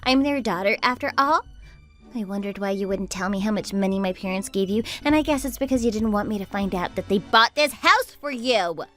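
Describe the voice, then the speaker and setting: A woman voicing an entitled, demanding young sister-in-law who yells and bosses people around. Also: expressive, brisk, soft background music, close to an everyday voice. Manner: demanding, shrill, yelling. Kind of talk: texting-story voice acting.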